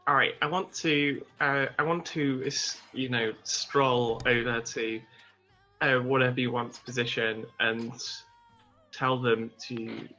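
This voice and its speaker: A man's voice: medium pitch, steady tone, takes it slowly, sharp tone, soft background music. A man playing a tabletop game, describing his character's actions in a profane, laughing, rambling way. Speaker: player.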